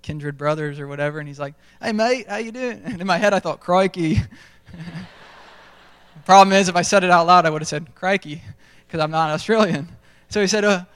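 Young man, casual storytelling preacher, fairly high clear voice, long church-hall reverb. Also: a little fast, a bit bright. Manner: self-deprecating storytelling, conversational. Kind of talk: sermon. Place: large church stage.

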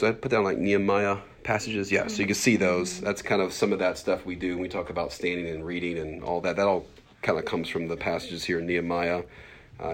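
Low-voiced fast-talking man in his forties. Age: 40s. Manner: fast-talking, animated, lots of fillers and acted-out asides. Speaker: pastor teaching a Bible class. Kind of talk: casual classroom teaching.

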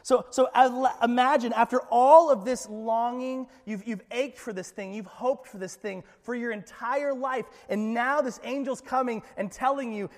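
A man's voice: very high voice, moderate pace, hardly any pauses, long reverb tail. A man preaching a sermon as pastor, conversational and joking, often checking in with the congregation. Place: church.

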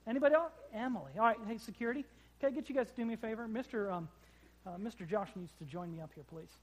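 A man's voice: sits high, quick pace, poor audio. A man preaching a sermon in a church to a live congregation, talking casually and joking with the people in the pews, on a corded microphone. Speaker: pastor.

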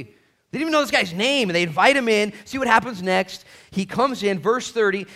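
A man preaching a sermon with casual slang, swinging between loud bursts and hushed, earnest stretches. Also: sits high, wildly swooping pitch, fairly quick. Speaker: pastor.

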